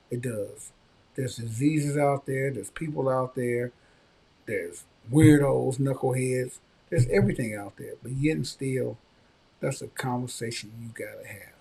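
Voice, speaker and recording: A man hosting a podcast, telling a personal story in casual conversation and giving frank advice, with animated bursts when he quotes others. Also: medium pitch, gravelly, slight background noise. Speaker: podcast host.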